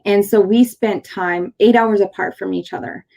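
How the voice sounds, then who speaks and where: A woman in her thirties from San Diego, mid-pitched, telling a personal story on her talk show. She tells it animatedly and jumps into the voices of the people in it. Her speech rambles a little, full of "like" and restarts. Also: normal speed, gravelly. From San Diego, California. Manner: animated, acts out quoted dialogue; rambling with many fillers and restarts. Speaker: chiropractor and show host. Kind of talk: casual interview storytelling.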